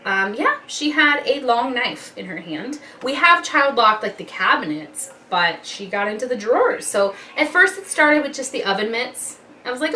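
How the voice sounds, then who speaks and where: A woman's voice: medium pitch, normal speed, sharp tone. Young woman, mom vlogger, casual rambling chat; distant mic, faint noise. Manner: chatty and rambling, loses her train of thought.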